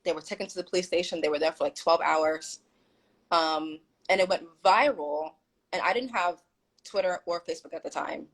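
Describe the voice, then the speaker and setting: This woman has a lowish voice and talks at a normal speed, captured in low quality over a phone or video call. As a live-stream guest, she recounts events energetically and with emphasis, repeating people's words as quotes.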